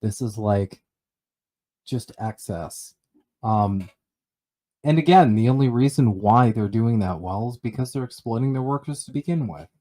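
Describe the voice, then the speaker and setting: A man's voice: mid-range voice, a little slow, mellow. Sardonic man, casual chat. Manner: loose, profane, sardonic. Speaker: podcast co-host.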